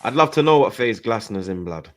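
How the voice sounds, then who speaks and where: A man in casual football banter, teasing and slangy, shouting out viewers from the chat. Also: mid-range voice, lively intonation, brisk. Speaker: football fan panelist.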